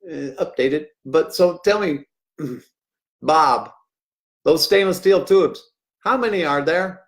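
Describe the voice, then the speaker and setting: A middle-aged man hosting a rambling livestream, jokey and swinging between loud outbursts and hushed asides. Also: a little high, slow pace. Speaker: livestream host.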